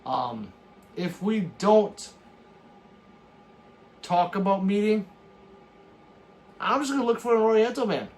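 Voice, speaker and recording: Animated man reading stream chat. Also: sits high, takes it slowly, long pauses. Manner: reads chat messages aloud and jokes back; animated, bursts into laughs and shouts. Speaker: livestream host reading chat. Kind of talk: casual late-night stream chat.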